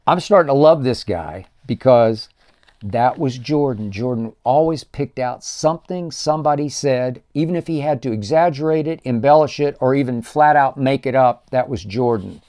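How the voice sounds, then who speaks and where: A man's voice: mid-range voice, normal speed, a little mellow. An older man hosting a sports talk show, delivering an emphatic solo commentary that stacks up punchy superlatives.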